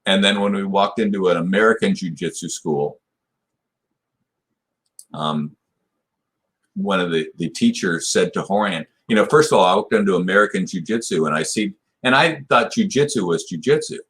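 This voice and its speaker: A man's voice: low-pitched, normal speed, a bit bright. A man in his sixties, a guest in a podcast interview, telling a long story with many restarts and "you know" fillers. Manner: rambling retelling, full of "you know" and restarts. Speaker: podcast guest, martial arts black belt.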